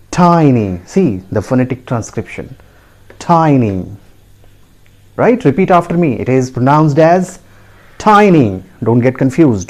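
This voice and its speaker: A man with an Indian English accent teaching pronunciation in a video lesson, repeating each word deliberately and often asking the listener "right?" with a sharp upward lift. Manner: repetitive, deliberate, asks the listener with a high rising "right?".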